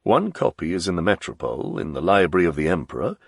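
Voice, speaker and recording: A man doing a calm, measured nobleman. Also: low voice, creaky, husky, no echo, clean studio sound, full character voice. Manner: measured, reassuring. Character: calm, composed nobleman, quietly persuasive.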